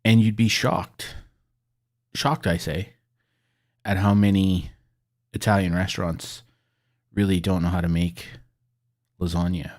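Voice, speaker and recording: A man's voice: low voice, flat delivery, a little slow, pauses often, a little mellow. A middle-aged man chatting casually and rambling while gaming, swearing freely as he goes. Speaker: gaming video creator.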